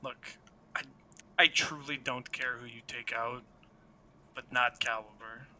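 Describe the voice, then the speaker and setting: A man's voice: steady tone, unhurried, sharp tone. A man voicing a weary, defiant man who refuses to give up a friend, speaking with a stubborn, bitter edge. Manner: stubborn, bitter, low-key.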